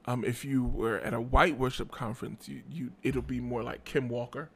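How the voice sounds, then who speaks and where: A man hosting a podcast, telling stories in a chatty, animated way with playful asides, tired and yawning. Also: medium pitch, moderate pace, creaky, slightly rough. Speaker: podcast host. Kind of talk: casual chat.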